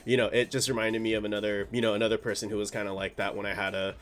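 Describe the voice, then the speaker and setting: A man's voice: fairly low pitch, little pitch movement, rapid-fire. A man hosting a podcast, supportive, laid-back and sentimental. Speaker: podcast host. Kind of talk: casual podcast chat.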